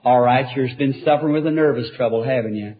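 Male evangelist, healing-service preacher, earnest and soft-spoken, tinny archival sound. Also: mid-range voice, fast. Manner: gentle, earnest, talks directly to each person. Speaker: evangelist leading a healing line.

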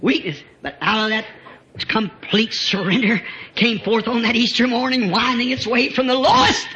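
Brief: high, bright-toned male preacher, fervent and shouting at peaks, heard on a muffled old tape. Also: expressive, moderate pace, slight background noise. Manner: fervent, rising to shouts, chuckling between phrases. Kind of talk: revival sermon.

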